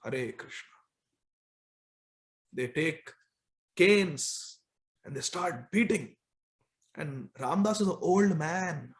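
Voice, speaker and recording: A man preacher narrating a devotional story in a dramatic sermon, slowing and pausing for effect. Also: on the high side, lively intonation. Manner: dramatic, drawn-out narration with pauses.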